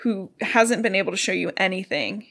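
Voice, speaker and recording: A woman's voice: mid-range voice, normal speed, fairly bright tone. Young woman podcast co-host, chatty and blunt, casual book-club talk. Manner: chatty, summarizes plot with offhand opinions.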